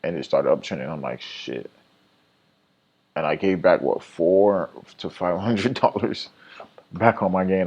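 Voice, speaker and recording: Deep-voiced man rambling through a trading recap. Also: unhurried, darkish tone, highs cut off. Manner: rambling and self-critical, with many fillers and restarts. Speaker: day trader recapping his trades. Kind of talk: casual trading recap vlog.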